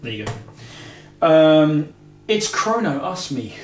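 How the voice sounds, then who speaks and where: A man's voice: a little high, very animated, slow pace. A man hosting a guitar show, answering viewer questions in a rambling casual chat full of filler and restarts. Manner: rambling, heavy with filler "you know"s and self-corrections. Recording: roomy echo with faint music.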